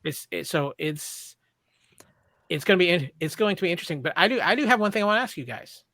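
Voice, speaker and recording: A man's voice: high-pitched, animated, quick pace, bright, forceful tone, dry recording. A man co-hosting a podcast in casual chat, eager and speculative, stumbling over restarts. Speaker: podcast co-host.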